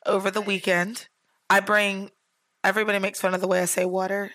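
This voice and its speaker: Brisk and mid-range, this woman's voice comes through with no room sound as she co-hosts a podcast in the accent of Central Florida. She tells stories animatedly in casual conversation, laughing a lot and cursing without restraint.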